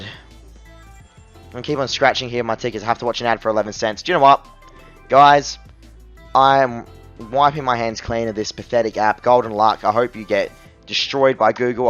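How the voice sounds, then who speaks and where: Man, app review voice-over, angry exasperated ranting, middle pitch, slightly dull lo-fi sound, faint music underneath. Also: a bit bright.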